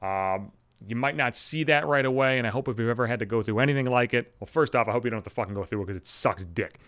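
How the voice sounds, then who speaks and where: A man rants bluntly into a microphone at home, swearing nonstop as he vents. His voice sits at an ordinary middle pitch, and the recording is dry and close, with no room sound. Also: fast talker, fairly bright tone, no echo. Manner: heavy swearing, blunt, ranting. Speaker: podcast host. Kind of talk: solo profane rant. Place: home apartment, alone. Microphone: studio microphone.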